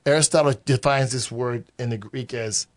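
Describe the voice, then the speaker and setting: A man teaching from the Bible in a relaxed conversation. He often restarts his sentences and acts out what God might say. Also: mid-range voice, moderate pace. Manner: animated, acts out God's voice in quotes; restarts and repeats phrases often.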